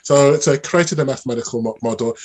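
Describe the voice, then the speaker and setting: Man, middle-aged, husky voice, lively storyteller, interview guest. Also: medium pitch, fast. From Birmingham, England. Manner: animated storyteller, many restarts. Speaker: mathematician guest. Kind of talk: conversational interview.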